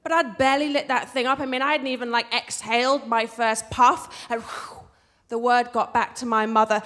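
A woman with an English accent telling a personal story on stage in a wry, expressive way. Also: a little high, normal speed, big-room sound, soft background music. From England. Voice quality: wry, expressive, switches between posh and street voices.

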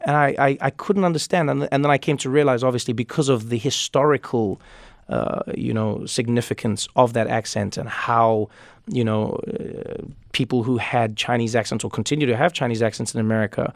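A man from Africa, talking as an interview guest and telling stories in animated, quick bursts. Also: mid-range voice, gravelly, dry recording, clean studio sound. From South Africa. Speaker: guest author. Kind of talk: conversational interview.

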